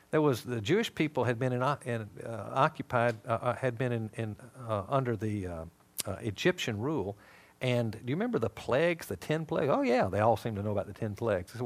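A man teaching scripture with a lively, swooping voice at a middle pitch. He tells it as a story, slipping into voices for each person in it. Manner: animated storytelling, acting out dialogue. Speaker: Bible teacher. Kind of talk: sermon-style teaching.

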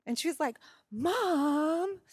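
A woman in her forties telling personal stories at a parenting seminar, expressive and laughing often. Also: fairly high pitch, normal speed, no room sound, clean studio sound. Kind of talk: personal storytelling talk.

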